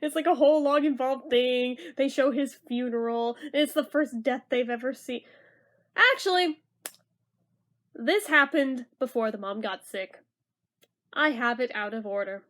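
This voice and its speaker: High-voiced chatty woman reviewing a film. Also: measured pace, a bit bright. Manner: chatty, sarcastic, swears, mock-dramatic outbursts. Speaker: movie reviewer. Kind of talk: casual movie review.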